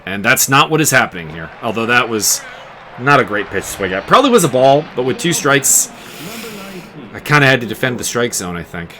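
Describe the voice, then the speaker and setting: A man calls the action of his baseball game in a chatty, loose way, laughing often and riffing on player names. His voice is bright and swings up and down lively. Faint noise sits under the recording. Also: mid-range voice, brisk. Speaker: game streamer commentating his baseball season. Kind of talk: casual play-by-play commentary.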